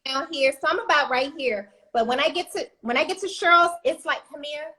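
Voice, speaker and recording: A woman co-host with a high voice who talks bluntly and with heat, calling things out plainly. Her delivery is outspoken and casual. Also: a little fast, bright, forceful tone, poor audio. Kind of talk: casual talk show chat.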